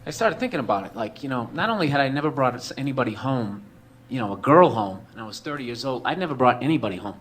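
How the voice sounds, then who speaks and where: A man's voice: medium pitch, lively intonation, quick pace, hardly any pauses, fairly bright tone, slight background noise. A man telling a comedic personal story in a rambling, profane way, full of "like" and "you know".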